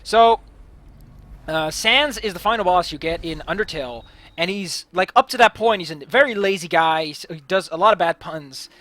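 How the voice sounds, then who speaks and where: A man's voice: sits high, normal speed, pushed and bright. A young man commentating a game, giggling, rambling and swearing casually. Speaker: let's play host. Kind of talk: gameplay commentary.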